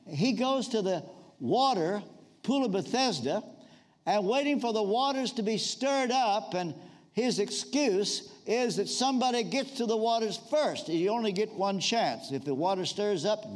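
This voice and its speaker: A man's voice: animated, moderate pace. An older man preaching a sermon, telling stories and dropping his voice to act out the quotes. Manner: storytelling, acts out quotes in lowered voice.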